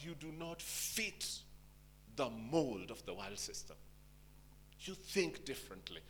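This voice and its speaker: Rousing preacher with a bright, forceful voice. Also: male voice, medium pitch, very animated, takes it slowly, pauses often. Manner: rousing, rhetorical questions to the congregation. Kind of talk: sermon.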